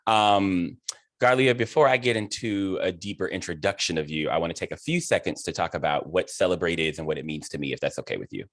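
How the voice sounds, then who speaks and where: A deep-voiced man hosting a relaxed interview over a video call. His manner is effusive and heartfelt, and his emotions sit close to the surface. The sound is dry and close, with no room echo. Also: fairly quick. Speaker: host and theater director. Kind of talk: casual interview chat.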